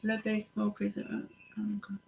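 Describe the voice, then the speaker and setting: A woman's voice: medium pitch, completely flat delivery, a little fast, gravelly, a little mellow, poor audio. Chatty rambling woman host. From New Zealand. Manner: chatty, rambling with many restarts. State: nauseous. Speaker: host of a craft chat stream. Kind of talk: casual chat while diamond painting.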